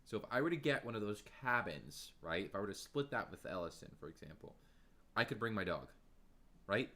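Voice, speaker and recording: An energetic man hosts a relaxed livestream from his home. He chats freely with his viewers and laughs often. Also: lowish voice, fairly quick. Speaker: livestream host. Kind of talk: casual livestream chat.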